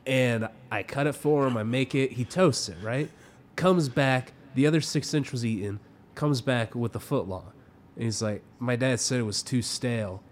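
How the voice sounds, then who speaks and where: A young adult man, a podcast co-host, telling a story in casual chat with lively delivery and free swearing. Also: medium pitch, normal speed, a little hiss or hum. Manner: animated storytelling, swears freely.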